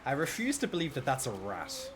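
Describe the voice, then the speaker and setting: A man live-streaming a game, chatting casually and rambling excitedly with lots of fillers and laughter. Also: mid-range voice, fairly quick, very noisy. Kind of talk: casual live-stream chat while gaming.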